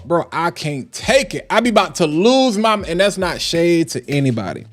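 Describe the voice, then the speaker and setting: A man reviewing fragrances on a casual live stream, talking in an animated, emphatic and slangy way. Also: high-pitched, normal speed, few pauses, soft background music.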